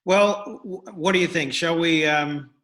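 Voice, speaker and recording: A man's voice: a little high, unhurried, fairly bright tone. A man hosting a conversation, framing his questions with hesitant restarts. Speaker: host. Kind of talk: conversational interview.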